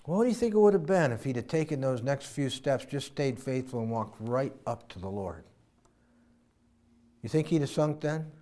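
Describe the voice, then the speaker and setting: A man preaching a sermon in an animated way, acting out voices and swinging between loud and quiet. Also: medium pitch, normal speed. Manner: animated, acts out voices, varies loudness widely.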